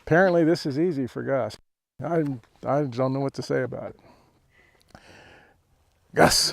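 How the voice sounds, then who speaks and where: A man who trains dogs, explaining a training session in a relaxed way, chuckling often and giving the dog short commands. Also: mid-range voice, creaky. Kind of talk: outdoor training demonstration.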